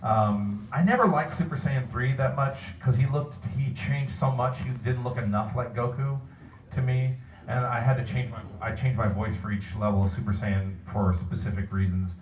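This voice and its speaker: A man's voice: medium pitch, moderate pace. A man, a voice actor, chatting at a convention panel Q&A, rambling and restarting his sentences often. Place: convention hall. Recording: echoey hall, distant mic, faint room noise.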